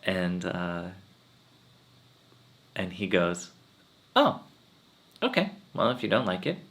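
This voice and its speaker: A man's voice: lowish voice, gravelly, fairly bright tone. A man giving a spiritual talk, telling earnest personal stories and quoting his teacher. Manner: earnest storytelling, quotes his teacher in changed voices. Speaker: swami giving satsang.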